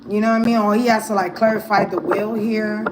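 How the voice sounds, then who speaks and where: A woman's voice: mid-range voice, flat delivery, a little fast, background noise. A woman giving a casual tarot reading, thinking aloud in a hesitant, musing way. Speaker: tarot reader.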